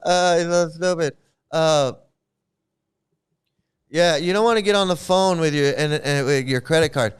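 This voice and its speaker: A middle-aged man rambles through casual commentary, repeating himself, cursing and laughing at his own stories. His voice sits high for a man and comes through smooth and clear. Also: measured pace, pauses often. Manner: rambling, laughs often, swears, stammers. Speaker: channel host commenting on a cult.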